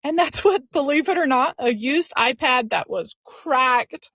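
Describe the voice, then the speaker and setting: Earnest female storyteller, casual and lively, dry muffled recording. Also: high voice, a little slow, dry recording. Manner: earnest, lively storyteller with frequent "you know". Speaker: podcast guest. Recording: dull lo-fi dry audio.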